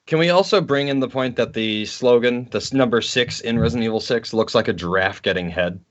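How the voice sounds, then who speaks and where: A man's voice: mid-range voice, fairly quick. A man co-hosting a casual gaming podcast, rambling and crude as he rants animatedly. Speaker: podcast co-host. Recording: dull lo-fi recording.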